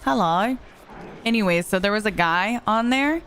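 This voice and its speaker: A young woman streams a game and chats casually, telling stories in an animated way that is full of "like." Her voice sits at a middling pitch. A faint ambient hum runs behind her. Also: moderate pace. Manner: chatty, animated storytelling with frequent "like". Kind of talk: casual chat while gaming.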